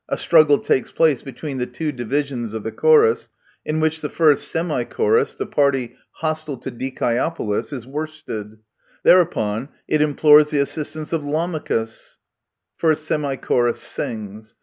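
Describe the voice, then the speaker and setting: A man's voice: mid-range voice, normal speed, a little mellow, muffled recording. A man narrating an audiobook of a play, reading speaker names and stage directions plainly. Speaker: audiobook reader.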